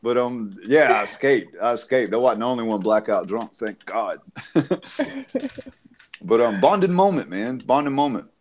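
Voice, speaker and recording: Aussie bloke on a podcast panel, telling a messy drinking story, swears a lot and laughs through it, mid-pitched voice. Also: male voice, animated, moderate pace, slight background noise. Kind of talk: casual storytelling.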